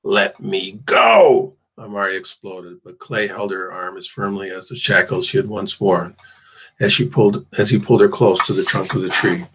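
A man reads a novel aloud in a low, husky voice. His narration stays steady and measured, with an occasional slip and restart. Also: rough recording. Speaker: audiobook reader. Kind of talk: audiobook narration.

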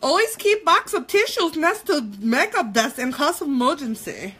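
A woman's voice: high-pitched, very animated, normal speed, a bit bright, pitched above the performer's own voice. A woman voicing a mock Russian woman with a put-on fake Russian accent, speaking in clipped lines that drop the articles. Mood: deadpan. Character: mock Russian woman giving curt advice.

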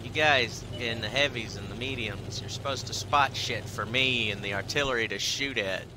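A man's voice: mid-range voice, normal speed, noisy background. A man giving casual, profane, sarcastic commentary while playing a game, muttering to himself between shots. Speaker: gameplay streamer.

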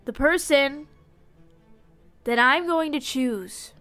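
Playful high-voiced woman streamer. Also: takes it slowly, a bit bright, faint music behind. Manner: playful and dramatic, swinging from mock-solemn to giddy squeals. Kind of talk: live game stream commentary.

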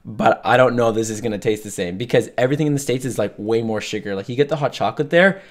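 A man's voice: mid-range voice, fast. A man co-hosting a casual podcast, rambling through anecdotes and acting out the lines of people he met. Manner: rambling, acts out quoted exchanges. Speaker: podcast co-host. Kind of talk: casual chat.

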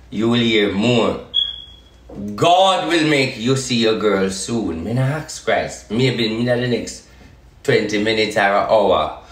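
A man's voice: medium pitch, fairly bright tone, reverberant, far from the mic. A man with a Jamaican accent giving a defiant, repetitive live-stream address to his followers.

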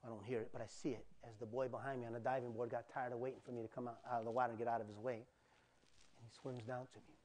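A male pastor preaching a sermon, telling a personal story with animated acted-out cries and asides to the congregation. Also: mid-range voice, fast talker. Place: church.

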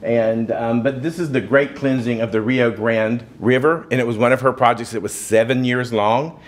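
A man's voice: medium pitch, steady tone, moderate pace. Chatty Southern man giving a slide talk. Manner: conversational, with fillers and wry asides. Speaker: museum talk speaker. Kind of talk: casual slide lecture. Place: museum lecture room.

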